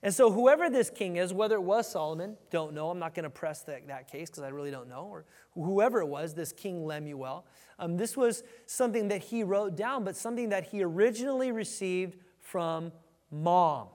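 High-voiced male preacher in a reverberant hall. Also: normal speed. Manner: animated, with emphatic scripture reading. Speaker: pastor. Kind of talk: conversational sermon. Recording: long reverb of a large hall.

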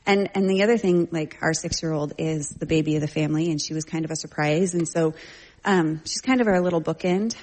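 A middle-aged woman and parent teaching from scripture in a conversational, slangy style, telling lively family stories. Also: low voice, fairly quick. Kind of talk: casual teaching talk.

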